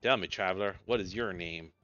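A man's voice: low-pitched, a little fast, sharp tone. A man voicing a formal male traveler from a game, with a put-on American Southern accent, reading the lines solemnly. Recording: dull lo-fi mic with faint game music.

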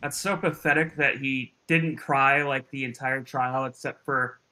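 Bright-voiced chatty commentary host. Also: mid-range voice, fairly even intonation, unhurried. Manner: chatty, mocking, laughs often. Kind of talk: casual commentary on courtroom clips.

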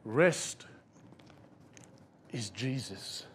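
A man's voice: fairly high pitch, normal speed. An Australian male pastor preaching a sermon in a conversational, storytelling way.

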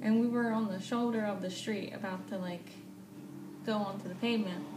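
A young woman casually telling a storytime vlog, animated and swearing freely, laughing often. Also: mid-range voice, moderate pace, music in the background. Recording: echoey room, faint background noise.

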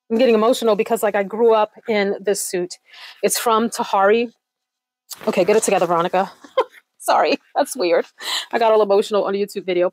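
A middle-aged woman talks straight to her viewers in a chatty, gushing way, easily excited as she goes. Her voice sits at a middle pitch for a woman. The recording is dry and close, with no room echo. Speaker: closet declutter vlogger. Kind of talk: casual chat to camera.

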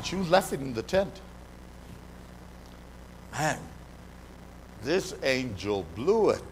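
High-voiced guy preaching slow and fervent, lots of call and response, echoey church with faint noise. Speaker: pastor. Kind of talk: live church sermon. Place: church sanctuary. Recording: reverberant hall, faint background noise.

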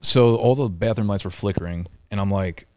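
Low-voiced young guy ranting casually. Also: fairly quick, darkish tone, dry recording, clean studio sound. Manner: rambling, swears freely, exasperated storytelling. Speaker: podcast co-host. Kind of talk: casual podcast chat. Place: apartment room. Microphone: studio mic.

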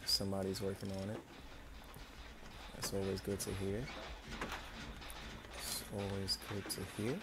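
A man talks through his gameplay in a low, gravelly voice, repeating short phrases to himself. Clear background noise sits under his voice. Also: completely flat delivery, measured pace, long pauses. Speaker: streamer. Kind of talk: casual gameplay commentary.

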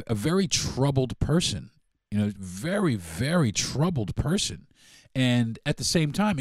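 A podcast host, a man, telling a story in a casual, animated, profane way and acting out the dialogue. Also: medium pitch, no room sound, clean studio sound.

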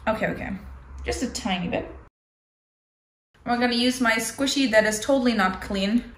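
Excitable young woman crafting in an echoey room. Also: on the high side, measured pace, pauses often. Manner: excitable, gasping, talks herself through each step. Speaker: book vlogger. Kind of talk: casual crafting commentary. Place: room at home. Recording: echoey room with faint clicks.

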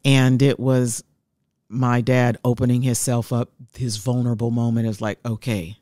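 A woman's voice: extremely low pitch, little pitch movement, moderate pace, mellow, dry recording, studio quality. A woman in her fifties, a guest telling her life story in an interview, heartfelt and reflective.

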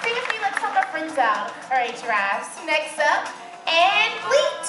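A woman's voice: high-pitched, sing-song, measured pace. A woman playing a proud, playful troupe singer who coaxes a child on stage. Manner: playful, upbeat. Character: proud princess-like young female troupe singer. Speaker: stage show performer. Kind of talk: live theater audience play. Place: large theater-in-the-round with an audience. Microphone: camcorder in the audience. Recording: distant echoey live venue, loud crowd and music.

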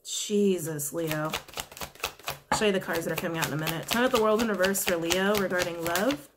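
Speaking briskly over heavy background noise, this tarot reader has a fairly low-pitched voice. Her weekly reading is casual, chatty and blunt, full of free swearing and questions she repeats to the cards.

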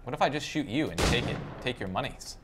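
A man's voice: mid-range voice, lively intonation, quick pace, very noisy. A man playing a video game and joking around in mock pirate talk while commenting. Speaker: let's play player. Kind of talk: casual gameplay commentary.

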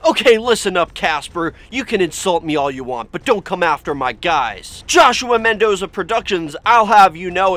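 A man's voice: high voice, fairly bright tone. A man hosting his own YouTube channel, reading out comments in a hyped, dramatic way. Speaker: YouTube host. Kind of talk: energetic vlog narration.

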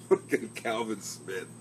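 Speaking slowly in a fairly low, slightly bright voice, a middle-aged man hosts his comedy podcast from a home basement. The casual live-stream chat rambles, swears and pokes fun at himself, with a little hiss or hum in the audio.

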